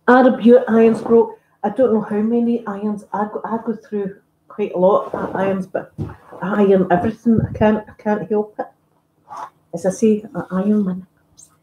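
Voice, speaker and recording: A woman's voice: medium pitch, fairly even intonation, moderate pace, long pauses, highs cut off, slight background noise. A woman with a Scottish accent chatting casually on a live stream while ironing at home, talking in a rambling, self-deprecating way. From Scotland. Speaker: ASMR YouTuber. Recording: echoey room.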